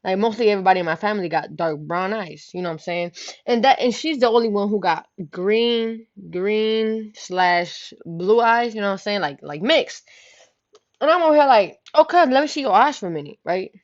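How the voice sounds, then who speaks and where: A woman's voice: medium pitch, expressive, normal speed. A young woman vlogger casually telling a story, slangy and full of "you know what I'm saying". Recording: dull lo-fi home recording.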